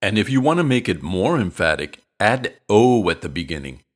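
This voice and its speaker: An American man teaching English expressions in a clear, explanatory lesson narration with joking asides. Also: on the low side, sing-song, moderate pace.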